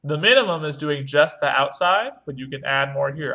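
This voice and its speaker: His voice sits at medium pitch with normal speed, some vocal fry, and a bright, forceful tone. As a male music teacher, he takes young students through a screen-recorded online lesson, talking through each click in turn and chanting rhythm syllables.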